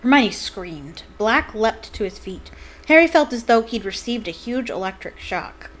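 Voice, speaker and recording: A woman host reads a novel aloud with an expressive, storytelling delivery. Between passages she breaks off into casual, playful comments. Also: a little high, a little slow. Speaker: book reader and channel host.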